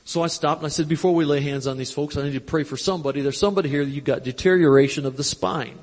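A man preaching at a live convention, telling a story with quoted dialogue in a folksy, animated way, on a handheld mic. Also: fairly high pitch, very fast. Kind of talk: storytelling sermon. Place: large church convention hall. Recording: live hall recording with long reverb.

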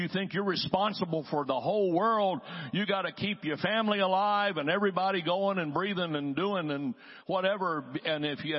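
Husky-voiced evangelist man in a reverberant hall. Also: high voice. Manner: folksy, joking asides, restless restarts. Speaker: traveling healing evangelist, guest preacher. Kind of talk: conversational sermon. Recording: dull lo-fi sound with long hall reverb.

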